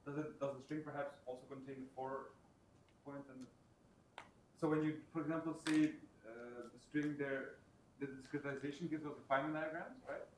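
A man's voice: mid-range voice, fairly even intonation, normal speed. A man in the audience asking a lecturer a question, hesitant and searching for words. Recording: echoey room, faint hum.

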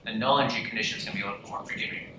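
A man's voice: fairly low pitch, very fast, pushed and bright. A man asking questions in a physics seminar, stammering and restarting as he goes. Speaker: student. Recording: distant mic, roomy echo, clear noise.

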